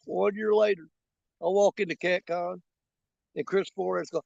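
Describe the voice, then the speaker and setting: A man hosts a casual fishing live stream from a river, his voice high-pitched, gravelly, slightly bright and steady, at normal speed. There's no room sound. He chats jokingly with viewers, rambling and folksy, with frequent fillers.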